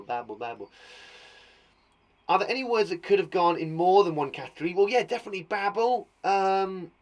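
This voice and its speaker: A man teaching young children online, chatty and thinking aloud as he acts out the sounds of words. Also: fairly high pitch. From England. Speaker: primary school teacher.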